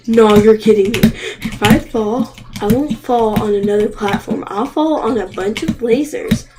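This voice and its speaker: High-voiced young woman streaming a game. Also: background noise. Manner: excitable, gasping and crying out at the game, then rambling. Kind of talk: live game stream commentary.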